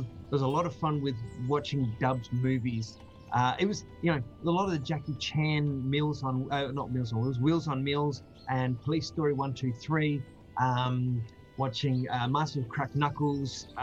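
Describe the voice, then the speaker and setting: A man's voice: medium pitch, normal speed, dull audio, soft background music. A man from Australia, chatting casually on a livestream, rambling with many ums and restarts. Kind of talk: casual chat.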